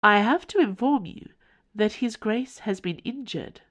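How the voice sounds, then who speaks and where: A woman's voice: mid-range voice, expressive, a little slow, voice pushed up. A woman voicing a sentient house that speaks in a creepy, formal, plaintive tone.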